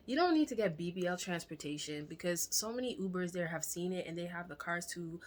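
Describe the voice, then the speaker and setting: A young woman telling a candid personal story to camera in a chatty, animated way, sometimes dropping to a whisper for asides. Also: fairly low pitch, a little fast. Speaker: vlogger.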